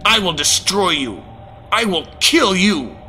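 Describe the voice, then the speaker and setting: Slow, low, menacing Satan in a spoken testimony, drawing out each taunt with a cruel, mocking edge, as a man puts him on. A sneering male demon lord who lingers over every word. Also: big pitch swings, sharp tone, soft background music, full character voice. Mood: threatening.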